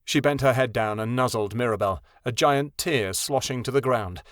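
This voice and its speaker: A man narrating a fantasy audiobook in a steady, even storytelling voice. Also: mid-range voice, moderate pace, few pauses, no echo, clean studio sound. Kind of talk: scripted narration.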